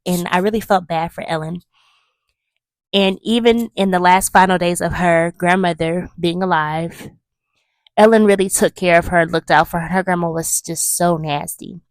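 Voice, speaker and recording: A woman hosting a casual movie review, chatty and animated as she retells scenes with emphatic asides. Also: lowish voice, normal speed, no room sound, clean studio sound.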